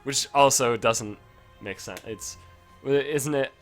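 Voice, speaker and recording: A man's voice: medium pitch, slow pace, soft background music. A man casually rambling and swearing as he talks over his gameplay footage, poking fun at himself along the way. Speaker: gaming video host.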